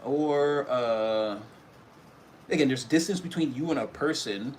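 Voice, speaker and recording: A man's voice: medium pitch, unhurried, slight background noise. A man giving a casual spoken tarot reading, rambling and loose, with many fillers and restarts. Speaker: tarot reader.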